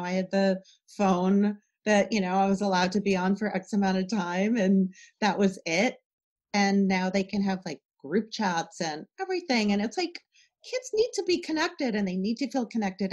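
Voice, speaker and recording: A middle-aged woman, a parenting educator, talking in a casual podcast interview and acting out little conversations with her kids as examples. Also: medium pitch. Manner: animated, talks through examples with acted-out dialogue.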